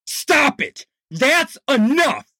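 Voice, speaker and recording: A man's voice: medium pitch, animated, slow pace, a bit bright, no echo, clean studio sound. A man doing a stern, commanding boss. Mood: shouting. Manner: barking, authoritative. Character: commanding male office boss, stern and forceful.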